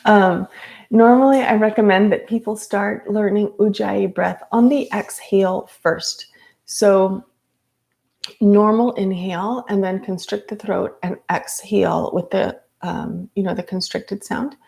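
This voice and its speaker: A woman's voice: medium pitch, fairly even intonation, measured pace, gravelly, a little mellow. A woman teaching a live yoga class, chatty, with frequent ums and light laughs.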